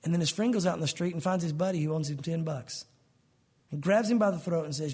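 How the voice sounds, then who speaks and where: High-voiced husky male preacher. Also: quick pace, mellow. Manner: conversational, addresses listeners as "guys"; earnest, explains verses in plain words. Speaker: pastor. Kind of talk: sermon.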